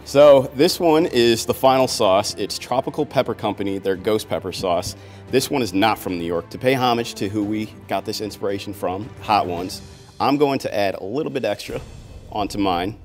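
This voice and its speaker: Laid-back low-voiced male host. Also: moderate pace, faint music behind. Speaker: host, enrollment advisor. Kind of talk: casual hosting.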